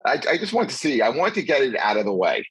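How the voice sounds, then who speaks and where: A male podcast host in easygoing conversation, his voice a little husky and very animated in pitch. He stumbles and restarts his sentences often. The sound is dry and close. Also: quick pace, no echo, rough recording. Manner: stammering, restarting and laughing often. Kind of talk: casual podcast chat.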